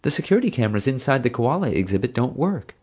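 A man reading an audiobook voices a frank, outspoken woman zookeeper in a raised, lively voice. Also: medium pitch, fast, slightly rough, voice pushed up. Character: woman zookeeper, frank, chatty young adult. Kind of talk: audiobook character voice.

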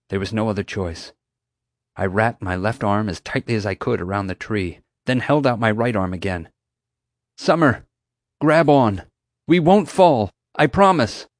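Male audiobook narrator, lowish voice, dry close sound, steady first-person storytelling. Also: dry recording.

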